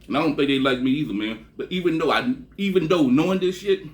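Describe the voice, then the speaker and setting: A man from Texas telling a long, rambling story in a casual, profane way, often trailing off with a low "man" at the end of a phrase. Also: expressive, quick pace. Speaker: vlogger.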